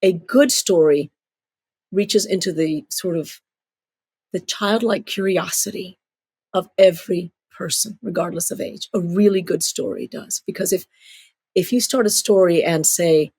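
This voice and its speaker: A middle-aged woman from Cuba, an author telling stories in an interview, animated and acting out voices. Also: lowish voice, a little slow, slightly rough, dry recording. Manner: animated storyteller, acts out voices. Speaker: children's author and storyteller. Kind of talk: storytelling interview.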